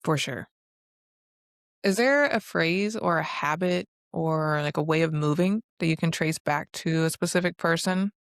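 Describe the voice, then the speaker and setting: A woman's voice: sits low, a little slow, no room sound, clean studio sound. A young woman co-hosting a podcast who talks in a direct, reflective way and laughs easily. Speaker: podcast co-host. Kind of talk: casual podcast chat.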